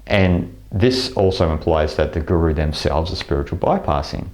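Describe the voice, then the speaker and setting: A man's voice: very deep voice, moderate pace, darkish tone. A man giving a reflective spoken talk on spirituality, with frequent fillers and restarts. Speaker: spiritual teacher. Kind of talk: spoken lecture to camera.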